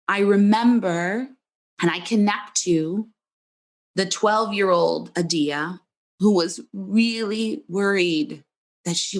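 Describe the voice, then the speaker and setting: A woman hosting a podcast, speaking gently and earnestly in a reflective monologue that encourages the listener. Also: medium pitch. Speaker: podcast host, psychologist.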